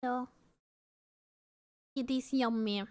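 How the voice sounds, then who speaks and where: A woman's voice: on the high side, steady tone, slow pace, a little mellow. A woman with a Swedish accent, a Swedish native speaker, chatting casually and laughing as she reacts to videos on stream. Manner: chatty, laughing, greets viewers.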